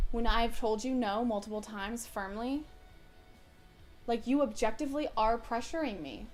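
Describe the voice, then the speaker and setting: A woman's voice: on the high side, animated, normal speed. A young woman recording a storytime vlog on her phone camera at home, reading messages aloud in a blunt, firm, indignant way. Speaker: vlogger. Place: indoors at home.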